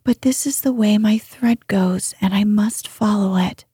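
An eager little princess girl, whispered by a woman reading a storybook, breathy and hushed in whispered role-play. She sounds earnest and insistent, her voice mellow and unhurried. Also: medium pitch, dry recording, studio quality.

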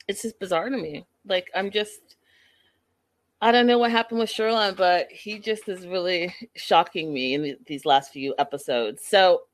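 A woman's voice: fairly low pitch, normal speed. A woman casually recapping a reality show episode, chatty and opinionated, peppered with "like" and "you know".

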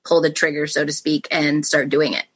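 Woman podcast host, low pitched and bright, eager and encouraging in casual conversation. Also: flat delivery, normal speed, slightly rough. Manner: warmly encouraging, eager reactions. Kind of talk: casual interview chat.

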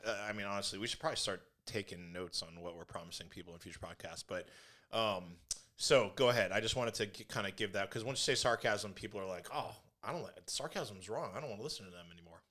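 A middle-aged man co-hosting a podcast, with a bright, forward voice. He tells stories with animated, teasing energy and pokes fun at himself as he goes. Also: fairly low pitch, fast talker. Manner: animated storyteller, playful and self-mocking. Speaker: podcast co-host. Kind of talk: casual chat.

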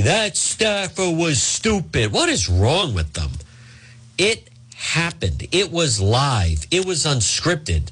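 Male talk radio host, combative political commentary, lively swinging delivery. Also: medium pitch, slightly rough. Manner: combative, emphatic, sarcastic.

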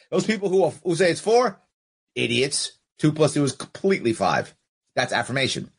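A podcast host talks through listener comments, arguing his point with pointed rhetorical questions. His voice is a little husky and sits slightly high for a man. His pitch swings widely as he acts out both sides of an exchange. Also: very animated, moderate pace, fairly bright tone.

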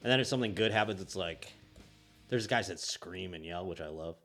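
Laid-back low-voiced podcast host. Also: male voice, a little fast, a bit bright, soft background music. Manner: loose, laughing, slips into mock announcer voices. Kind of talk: casual chat.

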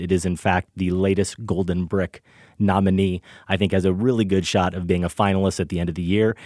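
A man with a fairly low voice hosts a film podcast, running through its upcoming segments at a brisk, cheerful clip. The sound is dry and close, with no room around it. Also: a little mellow, no echo. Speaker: podcast host. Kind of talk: scripted show intro.

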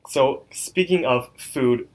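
Male podcast co-host, mid-pitched, rambling storyteller, giggly, casual. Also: slow pace, a little mellow, low-quality recording. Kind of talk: casual chat.

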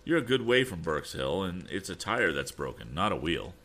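A man voicing a cheerful, quick-witted young male inventor with an eager way of talking. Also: deep voice, very animated, pushed and bright, a little hiss or hum, full character voice.

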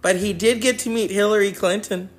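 A man's voice: sits high, fairly quick. A man hosting a comedy show, teasing his co-host in brash, profane banter.

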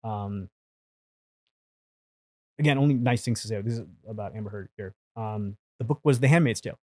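A man telling stories as a podcast guest, animated and profane, acting out the people he quotes. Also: lowish voice, normal speed, no echo. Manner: animated, swears freely, acts out quotes. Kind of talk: casual storytelling.

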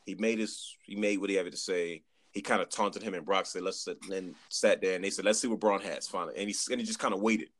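A man chatting on a podcast, telling an animated story, acting out quotes and repeating words as he goes. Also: low voice, fast. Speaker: podcast guest. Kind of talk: casual chat.

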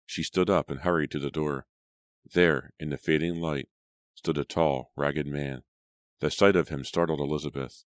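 A man narrating an audiobook in a steady, measured reading. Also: rumbling low, no room sound, clean studio sound. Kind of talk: scripted narration.

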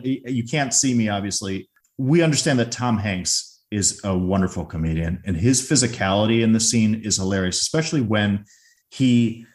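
A man co-hosting a podcast, casually retelling a movie scene and briefly acting out the characters' lines. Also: mid-range voice. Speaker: podcast co-host.

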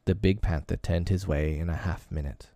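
A man narrating a classic story in a measured, expressive reading. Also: deep voice, no room sound.

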